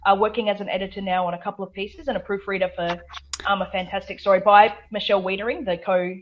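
A woman's voice: medium pitch, fairly even intonation, fast, a little hiss or hum. Aussie woman guest on a radio chat, rambly and laughy, kinda dull sound. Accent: Australian. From South Australia. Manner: chatty, laughs often, many restarts and fillers. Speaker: guest author. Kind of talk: radio interview.

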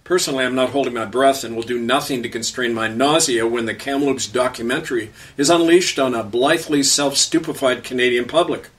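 A man's voice: mid-range voice, fairly quick, hardly any pauses, fairly bright tone, recorded from a distance. Sarcastic, polemical male show host. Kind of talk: radio commentary and storytelling.

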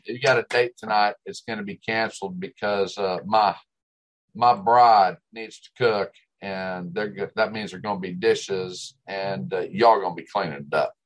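A man hosts a casual talk show, ribbing his friends and spinning folksy stories. His voice sits a little low, and he talks in an easygoing, teasing way. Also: fairly even intonation, moderate pace, fairly bright tone, poor audio. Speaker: radio show host.

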